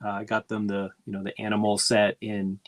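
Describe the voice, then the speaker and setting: A man's voice: fairly low pitch, monotone, fairly quick. A man co-hosting a casual talk show, dry and teasing as he tells stories. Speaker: podcast co-host. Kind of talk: casual chat.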